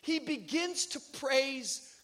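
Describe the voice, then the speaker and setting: A man preaching a sermon, telling a funny personal story and acting out the voices with shouts. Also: very high-pitched, slow pace. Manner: animated storyteller, acts out shouted quotes. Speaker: pastor.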